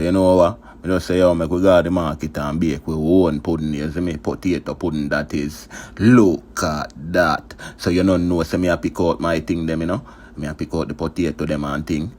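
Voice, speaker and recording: A man's voice: very deep voice, darkish tone. A man with a Jamaican accent narrating his home cooking in a laid-back way, repeating his catchphrases. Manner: laid-back patois, repeats "you see me, I say". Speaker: home cook vlogger.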